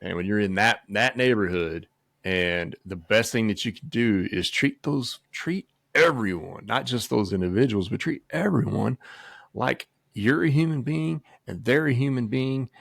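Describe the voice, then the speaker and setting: Brief: male podcast host, very low and gravelly, rambling, loose talk. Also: measured pace, fairly bright tone, no echo, studio quality. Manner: rambling, searches for words. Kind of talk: casual podcast chat.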